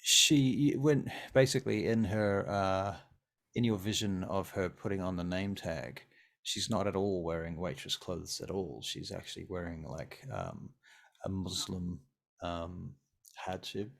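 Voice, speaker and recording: A man running a tabletop game with a very low, gravelly voice. He narrates in a relaxed, easygoing way with plenty of pauses and fillers. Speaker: game master.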